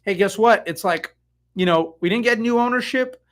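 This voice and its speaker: A middle-aged real estate agent from the San Francisco Bay Area rambles excitedly on a casual live stream, full of fillers and side comments. His voice sits high, at a normal speed.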